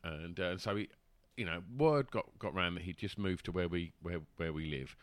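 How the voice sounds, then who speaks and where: A man's voice: low-pitched, normal speed, no room sound. A man telling a long casual story, rambling with fillers and restarts and laughing as he goes. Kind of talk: casual anecdote.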